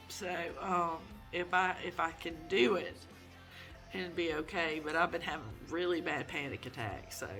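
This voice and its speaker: A woman recording a personal video diary, upset and close to tears, speaking haltingly with many fillers. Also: sits low, bright, forceful tone. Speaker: vlogger.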